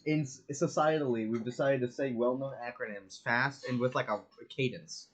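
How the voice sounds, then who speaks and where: Husky-voiced guy arguing casually. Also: mid-range voice, moderate pace. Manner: rambling, argumentative, laughs a lot. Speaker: podcast co-host. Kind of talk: casual chat.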